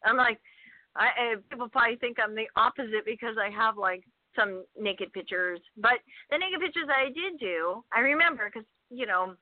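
A woman, a guest actress, telling stories in a casual podcast chat, full of fillers and loud acted-out quotes. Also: fairly high pitch, animated, moderate pace, dry recording. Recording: tinny phone-like line.

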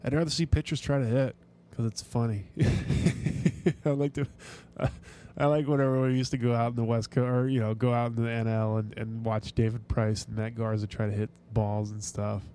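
A man's voice: medium pitch, level tone, normal speed, mellow. A man hosting a sports podcast, chatting casually and ranting with swearing and frequent restarts. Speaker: podcast host.

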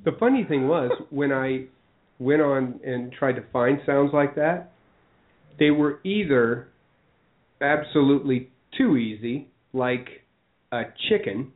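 A man's voice: medium pitch, slow pace. A man hosting a radio show in casual studio chat, telling stories animatedly and quizzing his guests. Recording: thin phone-like sound.

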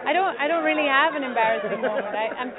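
Female actress, fairly high voice, halting answers, tinny audio with a busy crowd around her. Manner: hesitant, many restarts. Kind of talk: red-carpet interview answers. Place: outdoor film festival red carpet.

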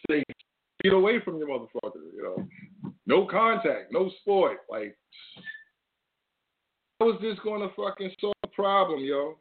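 A man's voice: high-pitched, very animated, measured pace, long pauses. Slangy man ranting, tinny audio. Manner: loose slangy talk with heavy swearing. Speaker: show host. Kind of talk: casual rant to camera.

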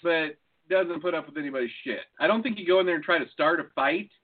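A man co-hosting a casual podcast, talking loose and profane with frequent laughs. His voice sits a little high for a man. It comes through thin and tinny, like a phone line. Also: fast talker. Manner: loose, swearing, laughing often. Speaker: podcast co-host. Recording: phone-like lo-fi sound.

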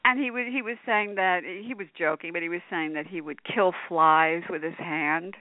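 A woman's voice: on the low side, moderate pace, dry recording. A woman co-hosting a podcast, reminiscing about past guests in a casual chat. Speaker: podcast co-host. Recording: dry, tinny phone line.

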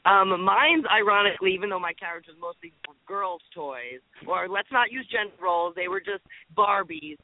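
A man chatting casually as a guest on a call-in show, relaxed and joking. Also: high-pitched, normal speed, hardly any pauses, no echo. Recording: dry, tinny phone-line audio.

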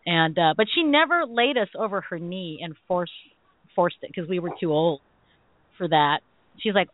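A middle-aged woman hosting a call-in radio show, telling stories in an animated way and laughing often. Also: on the low side, normal speed, no echo. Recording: tinny phone-line sound.

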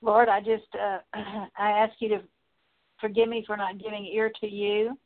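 A woman's voice: medium pitch, normal speed. Woman praying over a tinny line. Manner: earnest, steady listing with frequent fillers. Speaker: prayer minister. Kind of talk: spoken prayer of repentance.

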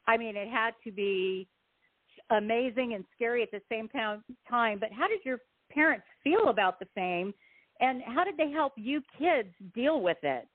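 An enthusiastic woman hosting a casual radio interview, her voice pitched a little high. She sounds very dry and narrow, as if she were heard over a phone line. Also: animated, moderate pace, no room sound. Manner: enthusiastic, laughing. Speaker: radio host.

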